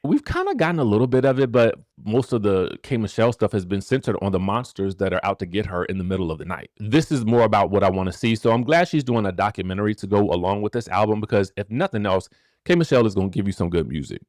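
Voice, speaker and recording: A man hosting a casual celebrity gossip commentary, animated and rhetorical, who keeps asking the viewers questions and checking in with them. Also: lowish voice, fast talker, dry recording, studio quality. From rural area. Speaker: gossip show host.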